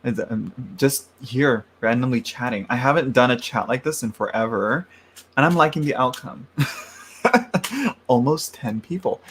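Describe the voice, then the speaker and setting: A man's voice: medium pitch, moderate pace, a little hiss or hum. A man hosting a casual tarot livestream, chatting in a rambling way, laughing often and greeting viewers by name, into a large microphone.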